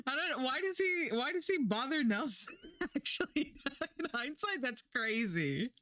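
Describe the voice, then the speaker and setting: A woman's voice: high-pitched, very animated, normal speed, bright, forceful tone, no room sound. A woman streaming live, chatting casually and rambling while she works, laughing often and swearing now and then.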